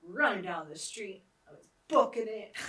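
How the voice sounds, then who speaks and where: A woman's voice: mid-range voice, fairly bright tone, recorded from a distance. A woman hosting her own show, telling stories casually and laughing often as she talks. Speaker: host interviewing herself. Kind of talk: casual anecdotal storytelling. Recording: echoey room, voice a bit off-mic.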